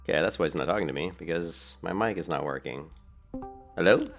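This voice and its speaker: A man's voice: a bass voice, fast talker, faint music behind. A man chatting casually while playing a game, rambling, laughing often and swearing now and then. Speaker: gaming streamer. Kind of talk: casual gameplay commentary.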